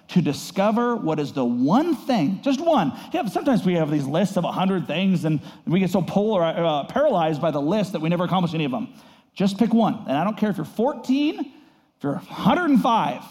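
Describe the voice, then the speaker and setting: A male pastor preaching a sermon in an animated, conversational way, often acting out the voices in his stories. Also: high-pitched, in a large hall.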